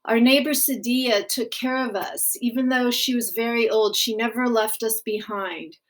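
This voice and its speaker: A woman reading a graphic novel aloud, in a gentle, unhurried storytelling manner. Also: on the high side, fairly even intonation. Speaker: audiobook reader.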